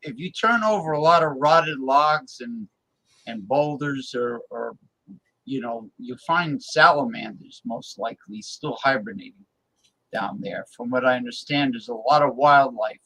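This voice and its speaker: A man's voice: medium pitch, measured pace, bright, forceful tone, breathy edge, poor audio. A man from New Jersey hosting a casual talk show, rambling and stalling on many fillers as he hunts for words. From New Jersey, USA. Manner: rambling, full of hesitant fillers. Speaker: host.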